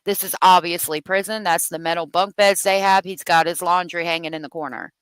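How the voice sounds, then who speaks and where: A woman's voice: fairly low pitch, fairly even intonation, a little fast, clean tone, no room sound, poor audio. Woman, livestream host, heated profane commentary, dry close sound. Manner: heated and profane, thanks viewers for super chats. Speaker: true crime livestream host. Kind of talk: angry live commentary.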